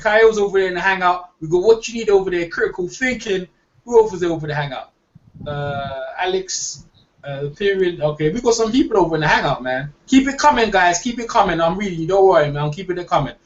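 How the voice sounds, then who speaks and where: A man with a high voice hosts a casual online hangout in loose slang, repeating himself as he goes. He sits back from a dull, lo-fi mic. A faint hiss runs under his talk. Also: animated, a little fast, recorded from a distance. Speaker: host.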